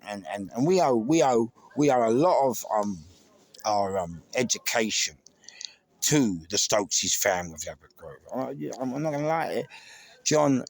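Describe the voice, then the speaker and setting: A man's voice: medium pitch, animated, normal speed, gravelly. A middle-aged man with a London accent, speaking an emotional, rambling tribute to camera with many restarts. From England. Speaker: vlogger. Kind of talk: casual tribute monologue.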